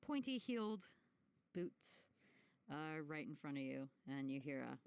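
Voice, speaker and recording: A woman's voice: low-pitched, big pitch swings, a little slow, a little mellow, clear, resonant tone, dry recording. A woman playing a tabletop role-playing game, describing things hesitantly with many fillers and laughing often. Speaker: player. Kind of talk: tabletop role-play chat.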